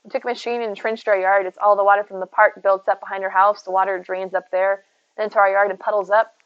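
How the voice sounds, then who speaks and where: A woman's voice: medium pitch, little pitch movement, quick pace, no room sound, dull audio. A woman streaming from home, chatting casually and rambling to her viewers, reading and answering their messages by name. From United States. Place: home, indoors.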